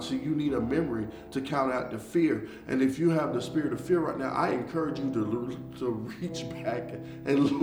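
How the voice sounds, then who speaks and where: A man preaching an online devotional sermon, moving from quiet reflection to loud, fervent, repetitive exhortation. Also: mid-range voice, moderate pace, hardly any pauses, recorded from a distance. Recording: echoey room, off-mic, guitar music behind. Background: soft guitar music.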